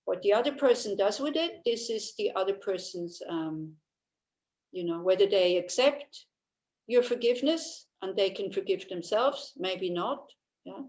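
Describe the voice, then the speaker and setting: A woman's voice: mid-range voice, lively intonation, measured pace, darkish tone, low-quality recording. Woman teaching with chatty tag questions. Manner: conversational, with frequent tag questions. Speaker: Buddhist teacher. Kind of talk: online class teaching and answering questions.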